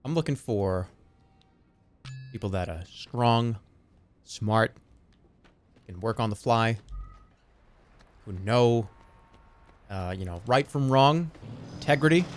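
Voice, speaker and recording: A man's voice: medium pitch, a little hiss or hum. A man streaming a game, chatting casually in a rambling, stammering way with plenty of swearing. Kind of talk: casual chat while gaming.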